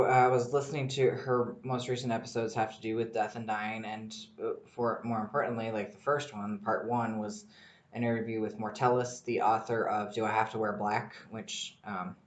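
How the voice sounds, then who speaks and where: A man hosting a casual solo podcast, rambling and excitable, swearing freely as he talks. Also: on the low side. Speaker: podcast host. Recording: echoey room.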